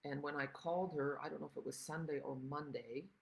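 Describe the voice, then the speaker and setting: Older woman host, gravelly, chatty craft demonstrator on a casual livestream. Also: low-pitched, steady tone, a little fast, poor audio. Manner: chatty, rambling, greets viewers by name.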